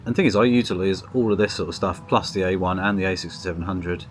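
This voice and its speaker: A man's voice: low-pitched, fairly even intonation, quick pace, a little hiss or hum. A man chatting casually to camera outdoors in a garden, rambling with lots of ums and restarts, recorded on a small camera's built-in mic. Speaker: photography vlogger. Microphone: built-in mic of a small gimbal camera on a tripod.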